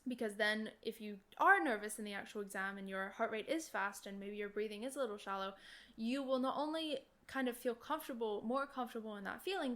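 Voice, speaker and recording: A woman's voice: a little high, a bit bright. A young adult woman and oboe student, hosting a casual advice podcast in a chatty, enthusiastic way. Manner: chatty and enthusiastic, full of "like" and "literally".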